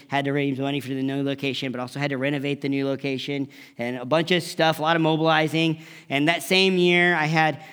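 A middle-aged male pastor preaching a sermon in a fairly high voice. He tells a personal story in a conversational way, climbing into loud, emphatic peaks and then falling to a near whisper.

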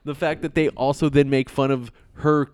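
A man's voice: mid-range voice, little pitch movement, moderate pace, darkish tone, clear, resonant tone, no room sound, clean studio sound. A man co-hosting a podcast in casual movie chat, rambling and repeating words as he searches for his point, enthusiastic and casually swearing. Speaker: podcast co-host.

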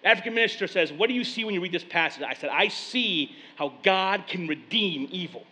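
Pastor, male, somewhat high voice, animated storyteller, long hall reverb. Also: fairly quick. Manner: animated storytelling, paraphrasing scripture in casual speech. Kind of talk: sermon.

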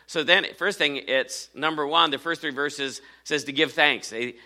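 Man, pastor, preaching a sermon, very bright tone, repeats himself for emphasis. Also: a little high, normal speed, few pauses.

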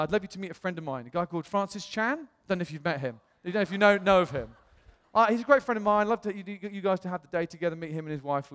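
A man, a pastor, telling a personal story in a sermon in a chatty, animated way. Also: high-pitched, in a large hall. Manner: chatty storytelling, animated voices when quoting others.

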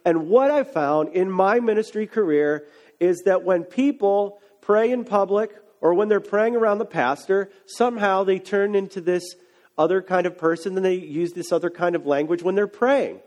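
Guy pastor with a high voice, chatty sermon, gets punchy with his questions. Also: moderate pace, a little mellow. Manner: conversational, builds to emphatic questions. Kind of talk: casual sermon.

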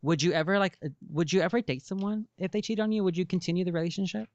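Playful blunt man in his late twenties, clear voice. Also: sits high, racing, darkish tone, no room sound, lo-fi sound. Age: late 20s to early 30s. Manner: playful, blunt, laughs often, calls people "girl". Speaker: interviewer. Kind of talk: frank casual interview.

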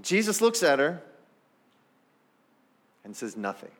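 A pastor preaching a sermon in a fairly high voice for a man. He talks to the congregation as if chatting with them. Now and then he acts out the people in the story. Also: very animated, slow, a bit bright. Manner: conversational, talks straight to the congregation.

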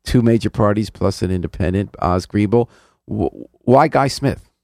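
A man hosting a radio interview show, asking questions in a brisk, chatty way from a studio. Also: lowish voice, animated, creaky, darkish tone, no echo.

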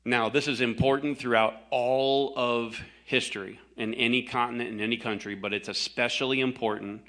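A man's voice: medium pitch, steady tone, moderate pace, sharp tone. A man, a pastor, preaching a sermon in a conversational, emphatic way.

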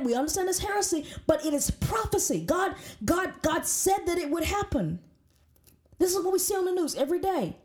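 High-voiced woman teaching Bible study. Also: darkish tone. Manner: emphatic, repeats words, reads scripture aloud.

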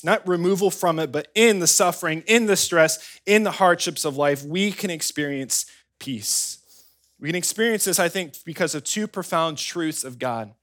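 A man preaching a sermon as a pastor, telling stories in a conversational way and often checking in with "right?". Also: on the high side. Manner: conversational, animated storytelling, frequent "right?" asides.

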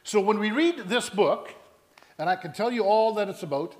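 Male preacher, high voice, animated storyteller who acts out dialogue, sermon delivery. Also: moderate pace. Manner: animated storytelling, acting out both sides of conversations.

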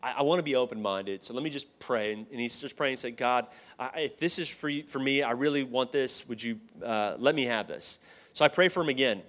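A man's voice: mid-range voice, fairly quick. A man giving a casual storytelling sermon to a live group, acting out the voices in his anecdotes. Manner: animated, acts out both sides of dialogue. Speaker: speaker at a church teaching.

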